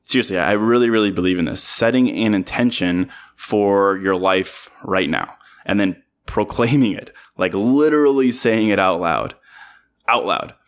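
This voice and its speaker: A man's voice: fairly low pitch, normal speed. A man hosting a podcast, giving an earnest motivational monologue and repeating his key phrases for emphasis. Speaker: podcast host.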